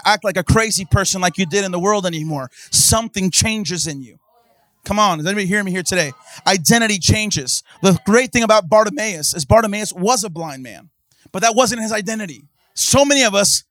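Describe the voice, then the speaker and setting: High-voiced pastor guy preaching in church, goes from hushed to yelling, dry close sound. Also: animated, fairly quick, no room sound. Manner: impassioned, swings from hushed to shouting. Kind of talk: sermon.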